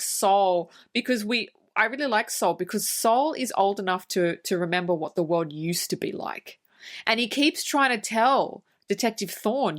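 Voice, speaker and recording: Woman podcast co-host, mid-pitched, chatty scene-by-scene retelling, swears casually. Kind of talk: casual film-review chat.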